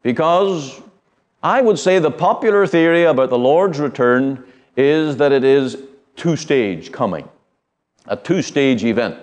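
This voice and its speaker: A middle-aged man from the United Kingdom gives a Bible study lecture. He speaks in an earnest, measured way, pausing often and restarting phrases as he works through his points. His voice sits at an ordinary pitch for a man. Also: lively intonation. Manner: earnest, measured teaching with frequent pauses and fillers. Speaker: Bible teacher.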